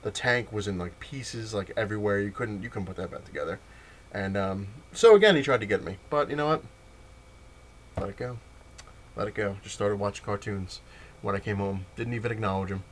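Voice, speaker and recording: A man's voice: lowish voice, brisk. Man, casual storytelling, rambling with restarts, wry, faint background hiss. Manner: rambling, frequent restarts and fillers, wry laughs. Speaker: vlogger telling a childhood story.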